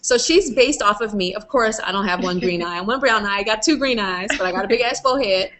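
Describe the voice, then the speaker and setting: A woman's voice: medium pitch, fast talker, heavy background noise. A woman hosting a playful, casual video chat with fans, laughing often. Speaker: host. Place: video call. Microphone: video call.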